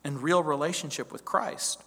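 A man's voice: fairly high pitch, normal speed, a bit bright, big-room sound. A male pastor preaching a verse-by-verse sermon, emphatic, stacking repeated phrases and rhetorical questions.

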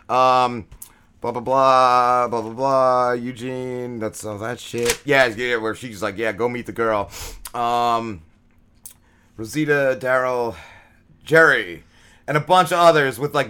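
A man's voice: medium pitch, bright, forceful tone, clear, resonant tone. A man on a podcast giving a casual, rambling recap of a TV episode, full of fillers, restarts and swearing. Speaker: podcast co-host.

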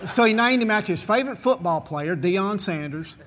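With a high-sitting, slightly bright voice, this man speaks fairly quickly and expressively while spinning a long folksy tale for an audience about his bull-riding past. He drawls, chuckles, and keeps restarting.

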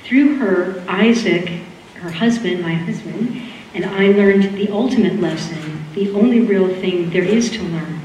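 A woman's voice: mid-range voice, a little slow. A woman with a Boston accent introducing lecture speakers at a school event, talking loosely with many fillers. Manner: warm rambling with fillers and laughs. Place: lecture hall. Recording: echoey hall, distant mic, faint room noise.

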